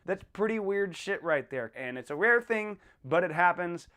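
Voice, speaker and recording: A man hosting a podcast in a casual monologue, animated and blunt, acting out little exchanges as he talks. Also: high voice, normal speed. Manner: animated, acts out little dialogues in a raised voice; blunt and irreverent. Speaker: podcast host.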